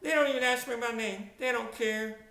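A man's voice: very high-pitched, brisk, pushed and bright. A middle-aged man telling a comic travel mishap, dramatic and exaggerated, acting out sound effects. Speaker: storyteller, video narrator. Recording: roomy echo.

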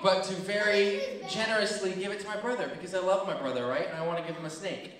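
A young man tells a childhood story to kids, acting out screams and voices. His voice is bright and a little high. He sounds distant, with long reverb from a large hall. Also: fast, a crowd in the background. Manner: animated, acts out screams and voices. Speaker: children's ministry speaker. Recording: echoey hall from far off.

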